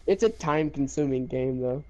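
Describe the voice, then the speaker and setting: A young man telling a game story in casual chat, animated, laughing and swearing. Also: mid-range voice, moderate pace, dull audio, slight background noise.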